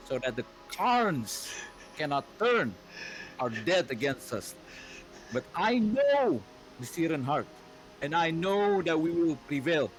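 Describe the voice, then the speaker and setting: A man voicing a deep, husky-voiced woman ruler who gives a slow, solemn address to her people in a tabletop game. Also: rough recording.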